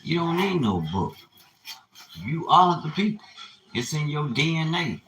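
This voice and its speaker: A man's voice: a little high, big pitch swings, a little slow, a bit bright, a little hiss or hum. A man delivering a profane, preachy, emphatic unscripted monologue. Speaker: vlogger. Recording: echoey room.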